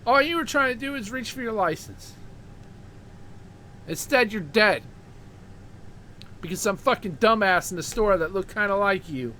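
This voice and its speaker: A man's voice: sits high, expressive, normal speed, long pauses, pushed and bright, a little hiss or hum. A man hosting his own show, delivering a heated, profane ranting monologue and repeating words when worked up. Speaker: show host.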